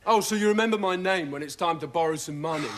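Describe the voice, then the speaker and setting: A man playing a gloomy young hippie who drones along in a mournful, fairly high voice. Audience laughter and heavy noise sit under this TV sitcom recording. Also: quick pace, lightly acted. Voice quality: droning, mournful. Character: gloomy young male hippie student, mopey and put-upon. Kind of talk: sitcom acting. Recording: noisy TV recording with studio laughter.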